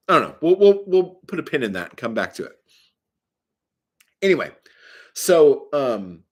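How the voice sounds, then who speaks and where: A man's voice: a little high, big pitch swings, normal speed, pauses often, breathy edge. A man casually telling a story in a vlog, swearing often and rambling with many fillers and asides. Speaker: vlogger.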